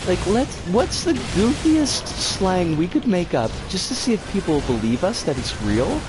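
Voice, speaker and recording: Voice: mid-range voice, big pitch swings, a little slow. A streamer giving live gameplay commentary, swearing in exasperated outbursts. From United States. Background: game music.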